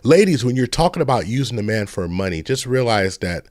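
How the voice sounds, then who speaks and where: Animated middle-aged man hosting a live stream. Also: mid-range voice, a little fast, dry recording, clean studio sound. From San Francisco Bay Area. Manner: animated, rambling storytelling, shouting out viewers. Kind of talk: casual live-stream chat.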